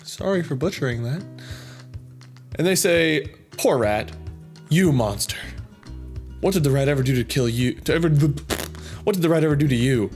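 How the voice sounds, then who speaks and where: A man reading viewer comments aloud in casual chat, goofy and prone to loud silly outbursts, with a slightly sore throat. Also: on the high side, animated, normal speed, pauses often, soft background music.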